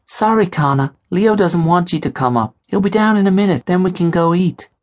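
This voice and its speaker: A man's voice: sits high, expressive, a little fast, pitched above the performer's own voice. A man voicing a young female college student who speaks in a curt, insistent way. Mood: firm.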